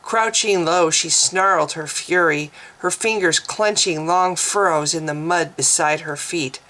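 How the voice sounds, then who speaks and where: A woman reading her own fantasy novel aloud as narrator, slowly and deliberately. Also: lowish voice, bright, forceful tone, a little hiss or hum, low-quality recording.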